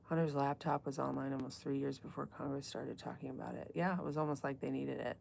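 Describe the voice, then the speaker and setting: A woman's voice: very deep voice, fairly even intonation, fast talker, creaky, darkish tone, a little hiss or hum. A middle-aged woman hosting a live book club stream, chatting casually with viewers and answering their comments as she drifts between topics. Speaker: livestream book club host.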